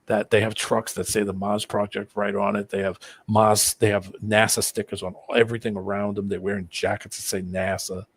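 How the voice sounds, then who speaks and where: A man's voice: lowish voice, flat delivery, a little fast, few pauses, slightly rough, no room sound. A man in casual chat on a live stream video call, rambling and conspiratorial as he explains something. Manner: rambling, conspiratorial, talks over the other man.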